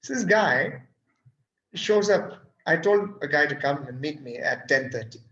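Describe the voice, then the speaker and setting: A man's voice: on the high side, expressive, measured pace, a bit bright, reverberant, lo-fi sound. A male teacher telling a story from his class as a lecture and posing reflective questions to listeners. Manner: recounts events, then asks reflective questions. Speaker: teacher and workshop speaker.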